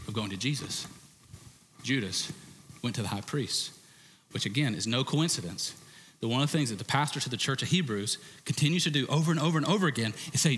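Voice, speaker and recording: A male preacher giving an animated, conversational sermon with frequent restarts. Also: mid-range voice, slightly rough. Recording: reverberant hall.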